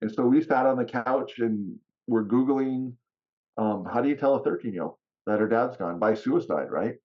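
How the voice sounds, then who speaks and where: A podcast guest telling personal stories in casual talk, animated and often laughing. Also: male voice, medium pitch, normal speed, dull audio. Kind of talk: casual storytelling.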